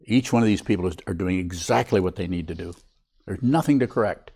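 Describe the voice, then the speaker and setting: An older man, a Buddhist teacher, giving a reflective, unhurried dharma talk to a meditation group. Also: deep voice, gravelly, darkish tone, slightly rough.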